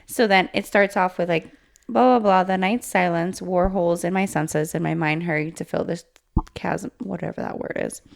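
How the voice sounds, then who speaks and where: Gravelly-voiced woman chatting about books. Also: fairly low pitch, normal speed. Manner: animated, giggly, reads passages aloud. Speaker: podcast co-host. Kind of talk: casual book chat.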